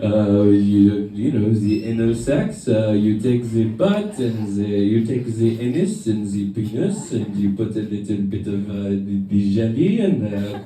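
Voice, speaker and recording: A man doing a hesitant French guy with a French accent, pitched well below the comedian's own voice. He stumbles through his English with long pauses. It sounds echoey and a little far from the mic. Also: animated, warm tone, a little hiss or hum. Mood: earnest. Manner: hesitant, groping for English words. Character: halting French man explaining sex. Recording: echoey club mic from a distance.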